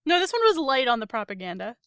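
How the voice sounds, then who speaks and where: Clear, bright woman sharing movie trivia. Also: high-pitched, very animated, quick pace, dry recording, clean studio sound. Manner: shares trivia with filler ums, owns her mistakes lightly. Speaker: podcast co-host. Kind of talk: casual movie-review chat.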